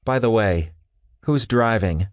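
A man voicing a brisk, commanding female federal agent in an audiobook. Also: lowish voice, lively intonation, dry recording, studio quality. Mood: barking urgent. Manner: barking, commanding. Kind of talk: audiobook character voice.

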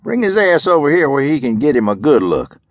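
A man's voice: fairly high pitch, big pitch swings, a little fast, dry recording, lo-fi sound, voice pushed up. A man doing a drawling, mocking sheriff. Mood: commanding. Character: folksy, menacing older male Southern sheriff.

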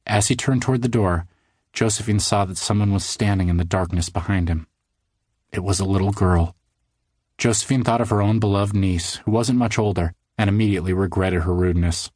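A man narrating a children's audiobook in a studio, measured storytelling that slows for suspense. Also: sits low, a little mellow, no echo. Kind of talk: scripted narration of a children's book.

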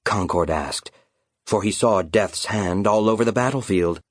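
A man narrating a children's fantasy audiobook with dramatic storytelling and slowdowns. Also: fairly low pitch, no room sound, studio quality.

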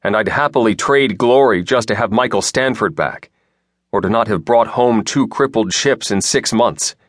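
A man's voice: fairly low pitch, normal speed, dry recording, clean studio sound, close to an everyday voice. A man voicing a blunt young starship captain. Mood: tense. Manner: blunt and clipped, objecting. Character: young male starship captain, tense and grieving.

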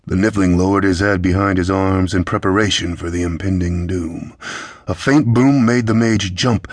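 Male audiobook narrator, low husky voice, steady measured reads, dry close studio sound. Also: no room sound. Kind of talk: scripted fantasy audiobook narration.

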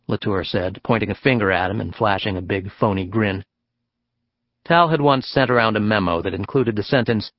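A man narrating an audiobook in a steady, measured reading. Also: on the low side, no echo, lo-fi sound. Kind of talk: scripted narration.

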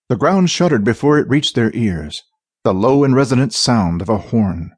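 A man narrating a fantasy audiobook in a dramatic, expressive reading. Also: medium pitch, moderate pace, husky, no echo, studio quality.

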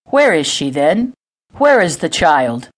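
A woman's voice: sits low, lively intonation, normal speed. A woman voicing a powerful older nobleman who is stern and short-tempered. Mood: angry. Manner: stern, commanding.

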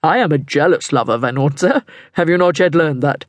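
A woman puts on a lowered, unhurried voice for a suave cardinal in his middle years, smooth and condescending. The delivery is slow and deliberate, in a dry, close recording. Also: no room sound, lightly acted. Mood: smooth, commanding. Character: suave, self-assured middle-aged male cardinal.

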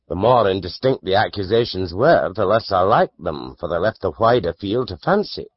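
A man narrating a classic novel as an audiobook, measured and expressive. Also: lowish voice, slightly rough, dry recording, highs cut off.

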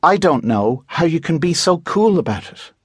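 A man's voice: a little high, sing-song, moderate pace, husky, dry recording, clean studio sound, voice pushed up. A man reading aloud voices a skeptical young schoolgirl who is nervous and sarcastic. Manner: sarcastic, incredulous.

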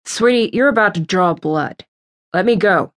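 A woman narrating an audiobook, voicing a relaxed, dry-humored young man. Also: medium pitch, normal speed, lightly acted. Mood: easygoing. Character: wry laid-back young man, a boyfriend.

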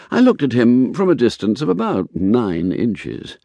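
Brief: male narrator, first-person novel read, animated delivery, dry booth. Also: mid-range voice, a little slow, creaky, hardly any pauses, dry recording. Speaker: audiobook narrator.

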